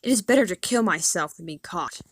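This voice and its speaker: A woman voicing a harsh male smuggler bus driver who barks his orders loudly in an audiobook. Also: on the low side, lively intonation, a little fast, husky, no echo. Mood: defensive. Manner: barking orders, loud.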